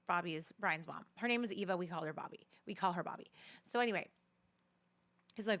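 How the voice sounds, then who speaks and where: A chatty woman hosts her own podcast and tells a story in a loose, casual monologue. Her pitch sits mid-range for a woman. She fills her talk with "like," restarts her sentences, and speaks straight to her listeners as "you guys.". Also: moderate pace, long pauses, a bit bright. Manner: chatty, full of "like" fillers and restarts. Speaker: podcast host.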